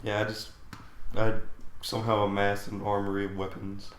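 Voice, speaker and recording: A man's voice: on the low side, monotone, normal speed, background noise. A man co-hosting a casual podcast chat, rambling with many fillers as he poses questions to the others. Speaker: podcast co-host. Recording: echoey room.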